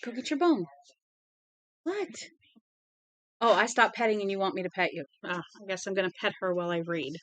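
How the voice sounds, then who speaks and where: A woman's voice: a little fast, fairly bright tone, no room sound. A woman chatting casually at home before reading a novel aloud, rambling between small talk and talking to her dog. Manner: rambling and chatty, talks to her dog in a high sing-song.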